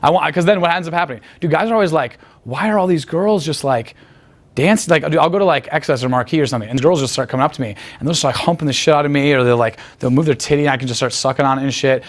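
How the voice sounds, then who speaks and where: A man with a fairly high voice rattles off crude, boastful stories at a quick clip. He rambles from one point to the next and swears freely, as a guest in a loose, casual interview. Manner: crude, profane, rambling storytelling. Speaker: guest talking about picking up women.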